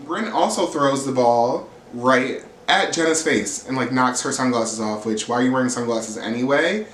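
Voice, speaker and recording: A man's voice: medium pitch, normal speed, few pauses, fairly bright tone. A man recapping a reality TV episode in a casual, blunt and sassy way, cursing freely. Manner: sassy, blunt and profane, acts out quotes. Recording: roomy echo, faint ambient hiss.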